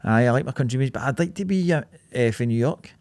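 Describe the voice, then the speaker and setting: Lively Scottish man, dry podcast chat. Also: medium pitch, fast talker, no echo. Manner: sweary, chatty banter with frequent laughs. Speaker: podcast co-host. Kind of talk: casual chat.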